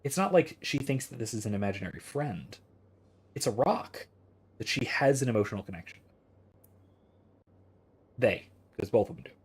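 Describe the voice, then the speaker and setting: Husky-voiced man, 30s, casual philosophy streamer who thinks out loud. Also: medium pitch, lively intonation, moderate pace, pauses often. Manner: rambling, thinks aloud with restarts. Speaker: philosophy streamer reading chat.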